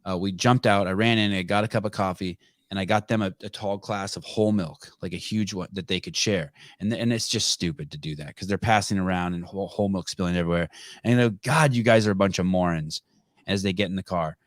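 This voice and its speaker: Brief: middle-aged male podcast host, low-pitched, swears freely, rambling storyteller, very dry close sound. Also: fairly even intonation, quick pace, dry recording. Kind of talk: casual chat.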